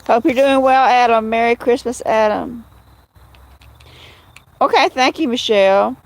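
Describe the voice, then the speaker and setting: A woman's voice: a little high, measured pace, dry recording. A woman with a Southern US accent hosting a casual livestream, rambling, greeting viewers by name and laughing often. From Southern United States. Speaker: livestream host.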